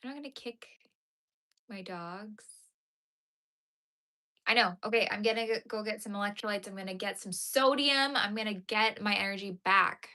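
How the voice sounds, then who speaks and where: A tired woman who streams crochet chats casually with her live viewers from home, rambling with lots of fillers and yawning again and again. Her voice sits at medium pitch with a pushed, bright quality, moving at normal speed with long pauses.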